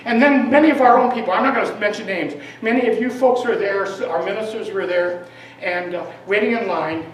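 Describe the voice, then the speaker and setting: In a church meeting room, a lay minister gives a talk, her fairly high voice carrying a faint hiss or hum. She preaches informally, chatting with the congregation and posing questions to them. The recording comes from a distant mic in a heavily reverberant hall.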